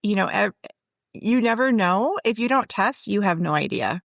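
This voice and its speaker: Woman, 40s, dentist guest; middle pitch, rambling delivery, dry close recording. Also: animated, moderate pace, vocal fry, no room sound. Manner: rambling, many restarts and fillers. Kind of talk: casual interview conversation.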